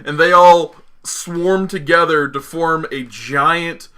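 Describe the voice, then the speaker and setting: A young man co-hosting a casual podcast chat, excitable and quick to swear and laugh. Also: a little high. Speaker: podcast co-host.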